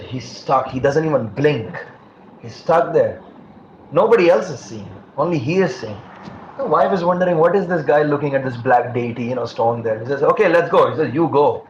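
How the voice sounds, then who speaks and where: A man's voice: mid-range voice, darkish tone. A man giving a scripture class as a preacher, telling stories and acting out the dialogue, laughing now and then. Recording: dull roomy recording with faint noise.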